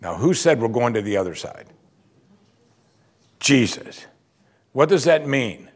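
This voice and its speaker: A man preaching a sermon, teaching through a Bible passage with lively asides and questions to the audience. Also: medium pitch, a little slow.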